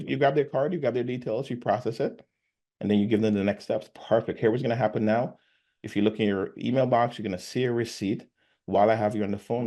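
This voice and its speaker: Low-voiced man talking sales calls. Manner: animated, acts out sales calls. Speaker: sales coach. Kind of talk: casual conversation.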